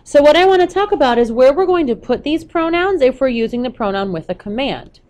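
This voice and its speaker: A woman's voice: high voice, animated, brisk, a little mellow. Patient woman teacher explaining step by step. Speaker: Spanish teacher. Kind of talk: recorded classroom lesson.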